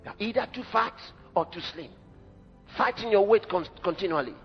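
A man's voice: high-pitched, animated, normal speed. A man preaching a sermon in an emphatic, dramatic way. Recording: dull echoey hall recording with faint music.

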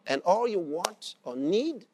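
A man's voice: high voice, very animated, slow, noisy background. A man preaching a sermon and telling a story, repeating his phrases for emphasis.

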